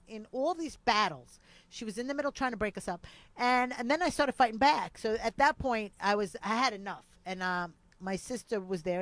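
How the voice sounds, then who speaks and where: Bright-voiced woman telling a story. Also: fairly high pitch, no echo. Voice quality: animated storyteller who acts out quotes and swears freely. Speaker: podcast co-host. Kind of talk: casual chat, storytelling.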